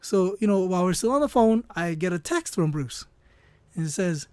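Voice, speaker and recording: A man with a fairly high voice tells a casual, comedic story while he draws. He rambles in an offhand way and keeps hedging and trailing off. The sound is close and dry, with no room echo. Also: animated, normal speed, darkish tone, clear, resonant tone. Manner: rambling and offhand, full of "you know" and "I don't know". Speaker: storyteller and artist.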